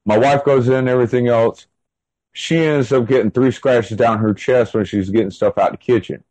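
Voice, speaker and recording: A man's voice: medium pitch, steady tone, normal speed, darkish tone, no room sound, rough recording. A man being interviewed, telling a long story in a casual, rambling way full of fillers and restarts. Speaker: interview guest.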